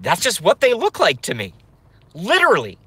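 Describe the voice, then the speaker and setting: Profane ranting man, bright voice. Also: high voice, wildly swooping pitch, normal speed, husky, dry recording. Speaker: host. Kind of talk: live rant. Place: in his car.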